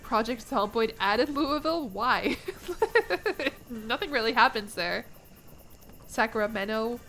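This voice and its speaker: A young American woman rambles playfully to her chat while she plays a strategy game. Her voice sits a little high. Faint music plays underneath. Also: slow pace, pushed and bright. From United States. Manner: rambling, playful, laughs between lines. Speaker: streamer. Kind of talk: casual game-stream chat.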